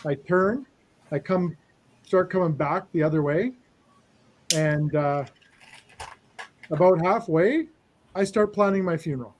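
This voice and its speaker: A host leads a casual chat, animatedly retelling a funny story and acting out both sides with quoted dialogue. His voice is high-pitched and measured, broken by long pauses. The audio is poor, with slight background noise.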